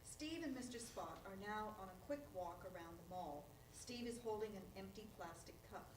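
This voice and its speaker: A woman reads the stage directions aloud at a live play reading, steady and plain in her delivery. Her voice sounds roomy and picked up from a distance. Faint background noise runs under the room sound. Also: mid-range voice, normal speed. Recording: echoey room, voice far from the mic.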